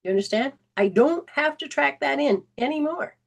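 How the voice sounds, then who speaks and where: A woman's voice: high-pitched, fairly quick, vocal fry. A woman hosting a spiritual self-help talk, speaking in an earnest, conversational way, often restarting sentences and briefly acting out remembered dialogue. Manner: acts out remembered dialogue in lively quoted voices. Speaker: host and spiritual healing coach.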